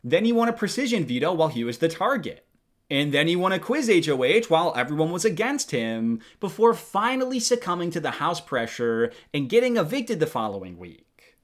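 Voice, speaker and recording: A young man narrates a ranked countdown in a scripted, commentary style. His voice sits a little high and moves a lot, with plenty of lift and bounce between phrases. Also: fairly quick. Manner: lively, animated delivery. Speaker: video host.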